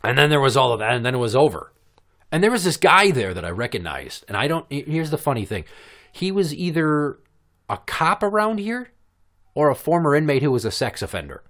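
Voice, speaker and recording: A man's voice: big pitch swings, a little fast, fairly bright tone. A man in his thirties hosting a podcast, telling stories in casual, profane, sarcastic chat. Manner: profane, sarcastic, mimics kids in a high voice. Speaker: podcast host.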